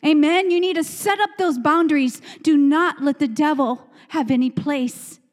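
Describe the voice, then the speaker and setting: A woman preaches fervently in a high voice at a normal speed, standing in a church sanctuary. Her sermon leans on repeated, emphatic phrases and call-and-response exchanges with the congregation. The recording has the long reverb of a church hall.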